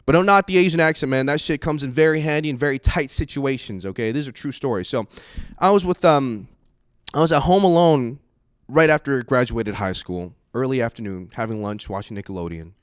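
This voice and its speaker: A man doing a stand-up comedy set, telling stories in an animated way and jumping into put-on voices. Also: medium pitch, a little fast, clean tone, no echo, studio quality.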